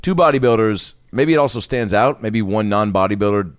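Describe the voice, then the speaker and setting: A man co-hosting a casual comedy podcast, telling animated stories and slipping into quoted voices. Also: on the low side, fairly quick, clear, resonant tone, no echo, studio quality.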